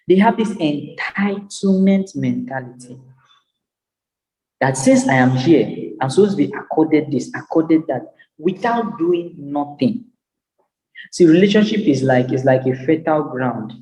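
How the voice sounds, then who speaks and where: A man's voice: fairly high pitch, dark tone. Emphatic man in a reverberant hall. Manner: emphatic and repetitive, preacher-like cadence. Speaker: business psychologist and speaker. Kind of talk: motivational lecture.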